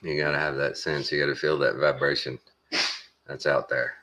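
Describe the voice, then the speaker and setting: A man with a Texan accent talking casually to his viewers, meandering along with lots of pauses and folksy phrasing. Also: a bass voice, flat delivery, sharp tone, slight background noise. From Texas. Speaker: vlogger. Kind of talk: casual rambling monologue.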